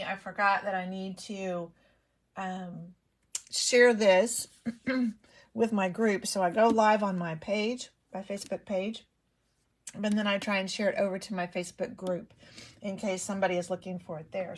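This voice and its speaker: A woman's voice: medium pitch, steady tone, measured pace. Chatty woman with a lingering cold. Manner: chatty, rambling, many ums. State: recovering from a cold, coughing. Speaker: papercraft demonstrator. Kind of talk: casual live-stream craft demo.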